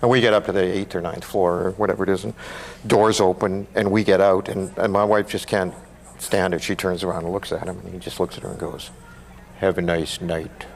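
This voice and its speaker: A middle-aged man, a guest on a comedy talk show, telling a rambling anecdote that drops into hushed tones. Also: deep voice, fairly even intonation, fast talker, gravelly. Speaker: guest actor.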